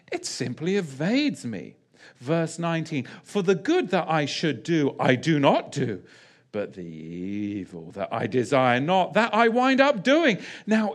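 A man preaching a verse-by-verse sermon, asking his listeners rhetorical questions and pausing on key phrases. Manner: animated, pitch swings widely, asks the audience rhetorical questions. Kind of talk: sermon teaching.

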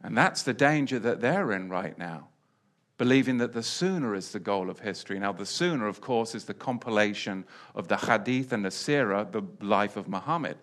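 A man preaching a sermon, repeating key phrases and swinging between loud declarations and quiet asides. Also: on the low side, animated, moderate pace.

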